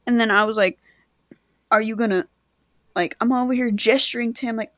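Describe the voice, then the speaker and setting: A young woman telling a profane, animated story to her friends in casual chat, often acting out other people's lines. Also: on the high side, brisk, dry recording, studio quality.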